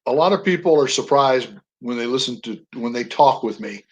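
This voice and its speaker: An older man, a guest on a radio interview, telling personal stories with animated emphasis on single words. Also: medium pitch, fairly quick, muffled recording. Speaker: guest, veteran.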